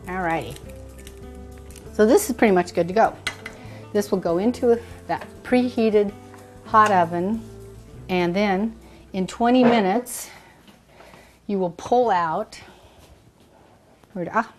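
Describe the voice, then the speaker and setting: A woman's voice: medium pitch, slow, pauses often, darkish tone, soft background music. A middle-aged woman hosting a casual cooking demonstration in a kitchen, chatty and enthusiastic, thinking aloud as she works. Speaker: cooking show host.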